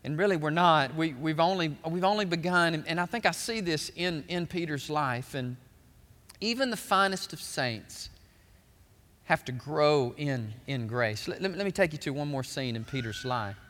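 A male pastor preaching a sermon, swelling loud and then dropping quiet. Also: on the high side, expressive, moderate pace. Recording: long hall reverb.

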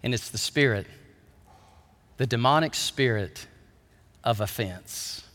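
A man preaching a sermon as pastor, animated, dropping low and soft and then climbing high and loud. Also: slow pace. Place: church sanctuary. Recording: church hall reverb.

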